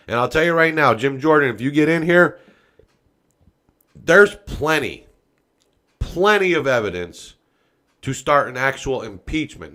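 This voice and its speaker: Speaking directly to his audience in a loose, folksy style, this man hosts a political commentary podcast where he swears freely and erupts into loud rants. His voice is mid-range.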